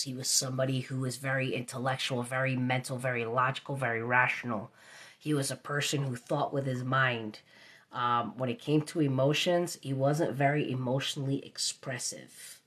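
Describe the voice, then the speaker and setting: A woman's voice: a bass voice, breathy edge. A woman giving a live tarot reading, repeating her phrases and sometimes dropping into a whisper. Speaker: tarot reader.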